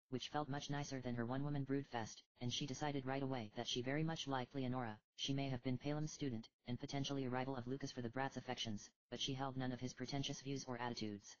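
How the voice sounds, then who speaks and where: A woman with a low voice narrates a fantasy storybook in a steady, even manner. The recording is dry and close, with a slightly muffled, dull tone. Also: fast, hardly any pauses, dry recording. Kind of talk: audiobook reading of fan fiction.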